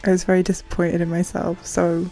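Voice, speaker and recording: Sleepy woman, gravelly voice. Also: on the low side, completely flat delivery, fairly quick, dark tone. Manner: chatty, self-deprecating, often laughs mid-sentence. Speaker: streamer. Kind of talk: casual chat while gaming. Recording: music playing faintly behind.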